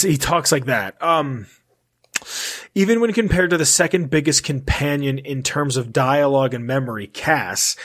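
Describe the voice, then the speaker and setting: Male podcast host, mid-pitched, casual delivery: reads text aloud and tosses in offhand comments. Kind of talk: casual podcast chat, reading notes aloud.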